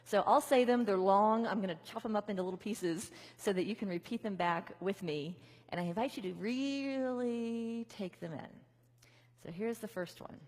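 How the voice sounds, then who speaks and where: A woman's voice: mid-range voice, normal speed, darkish tone. A woman minister giving a conversational sermon, leading her congregation in repeated affirmations. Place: large church venue. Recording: reverberant hall.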